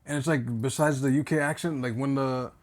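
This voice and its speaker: A man co-hosting a podcast in casual, animated chat. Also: medium pitch. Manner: animated, fast, doing comic voices. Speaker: podcast co-host.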